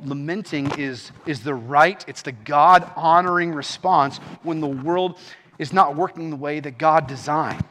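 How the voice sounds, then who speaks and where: A man's voice: fairly high pitch, sharp tone, in a large hall. A man preaching an earnest sermon as pastor, rising into impassioned pleas.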